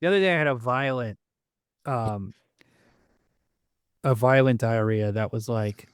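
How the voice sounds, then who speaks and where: A man co-hosting a film podcast in casual comedic chat, riffing crudely with deadpan asides on a close mic. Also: mid-range voice, unhurried, smooth, no room sound. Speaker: podcast co-host.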